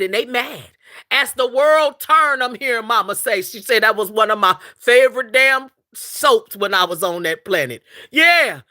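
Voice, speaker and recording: Calling her audience "collective," a woman runs a casual spiritual livestream, laughing frequently, repeating points and speaking with emphasis. Her voice is slightly high, pushed and bright.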